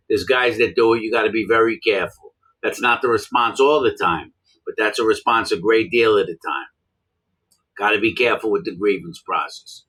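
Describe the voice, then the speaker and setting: A man's voice: on the low side, a bit bright, poor audio. A man who served time in prison, talking bluntly and repeating his points for emphasis. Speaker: former prisoner explaining prison life. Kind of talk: casual monologue to camera.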